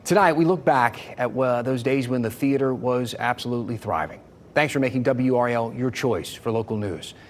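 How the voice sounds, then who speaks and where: A man's voice: medium pitch, moderate pace, a little hiss or hum. A man anchoring a local evening newscast, with friendly, easygoing banter. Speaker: news anchor. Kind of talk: TV news presenting.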